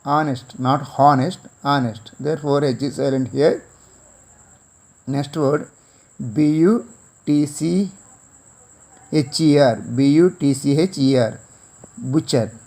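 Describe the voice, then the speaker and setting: A man's voice: fairly high pitch, slow pace, long pauses, dark tone. A man from India teaching an English class with an Indian English accent, spelling words letter by letter and repeating each one.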